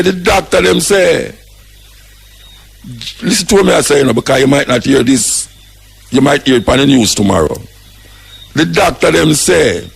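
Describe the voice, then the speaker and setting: Gravelly Jamaican man preaching on radio. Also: fairly high pitch. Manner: impassioned, preaching, mixes patois with English. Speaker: radio host. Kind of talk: radio talk commentary.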